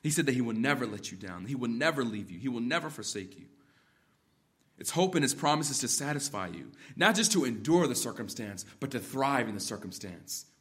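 A man preaching an expository sermon, moving between quiet reflection and emphatic exhortation. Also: medium pitch, expressive, a little fast. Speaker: pastor.

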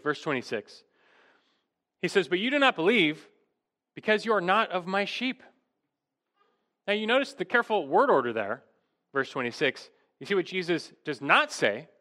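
This preacher's voice is a little high, bright, and forceful. His expository sermon is emphatic and full of rhetorical questions, with his pitch rising to underline key words.

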